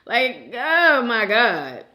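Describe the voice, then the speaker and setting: A woman hosting a mukbang chat, reading viewer comments aloud, animated and quick to laugh and get emotional. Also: a little high. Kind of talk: casual chat.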